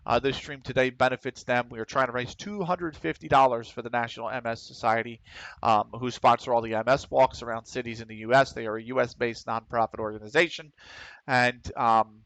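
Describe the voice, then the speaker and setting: A man with a Philadelphia accent giving casual commentary while streaming a game, talking quickly and running his words together, often clearing his throat. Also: medium pitch, fairly even intonation, fairly bright tone, no echo. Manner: fast, runs words together.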